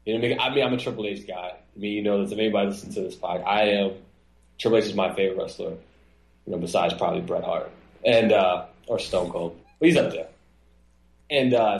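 A man co-hosting a casual wrestling podcast, talking in an animated way and acting out quotes in a high mocking voice. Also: echoey room, poor audio. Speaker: podcast co-host.

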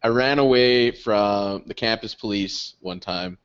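A young man co-hosting a podcast, telling stories in casual chat. He swears often, laughs through his stories and jumps high when he quotes other people. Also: unhurried. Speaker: podcast co-host. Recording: dull lo-fi podcast audio.

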